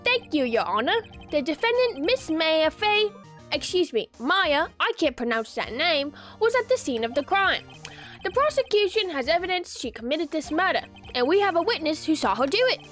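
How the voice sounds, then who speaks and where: A cool, confident male prosecutor with a put-on British accent, played by a woman. He speaks formally, stretching out names, and his voice sits high and lively. Faint game music plays behind him. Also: brisk. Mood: smug.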